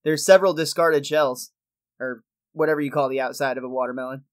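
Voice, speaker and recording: A man's voice: medium pitch, steady tone, a little fast. A man co-hosting a podcast, recapping a cartoon episode in casual chat and laughing often. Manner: laughs often, loose joking storytelling. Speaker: podcast co-host.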